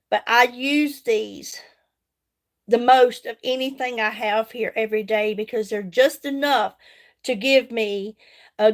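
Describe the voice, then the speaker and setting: A folksy middle-aged woman with a drawl talks into her phone during a live makeup stream. Her voice sits a little high, and she chats warmly with her viewers, calling them by name between steps.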